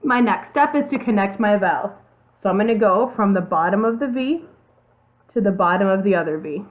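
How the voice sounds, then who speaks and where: A woman's voice: medium pitch, lively intonation, brisk. Female teacher, patient step-by-step delivery, letters spelled out, narrow phone-like sound. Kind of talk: classroom video lesson. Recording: tinny phone-like audio.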